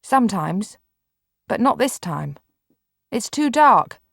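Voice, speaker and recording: A woman's voice: fairly high pitch, sing-song, takes it slowly, creaky, fairly bright tone, dry recording, studio quality, heavily acted. A woman reading an audiobook, voicing a bedridden boy who is curt, impatient and grudging. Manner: curt, exasperated.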